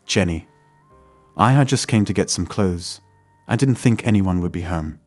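Guilty, tearful teenage girl with a small pleading voice, read by a man with a low voice over soft music. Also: expressive, normal speed, dry recording.

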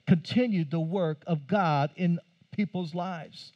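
A pastor giving a conversational sermon, asking the congregation questions and adding light humor. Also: male voice, high-pitched, a little slow, a little mellow, muffled recording. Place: church.

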